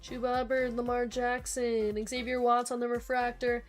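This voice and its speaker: High-voiced woman hosting a card break. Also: flat delivery. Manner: rapid listing of names, chatty asides to viewers. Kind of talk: live-stream card break commentary. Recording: faint background music.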